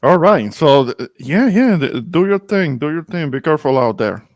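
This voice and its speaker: A man's voice: on the high side, sing-song, moderate pace, no room sound, studio quality. A man hosting a casual talk show. He speaks carefully, hesitates, restarts, and urges caution. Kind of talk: casual chat.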